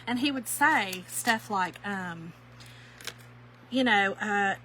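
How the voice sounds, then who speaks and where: A woman's voice: mid-range voice, takes it slowly, bright, forceful tone, slight background noise, rough recording. A woman with a Southern accent, hosting a craft livestream in casual, teasing chat and laughing often. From US North.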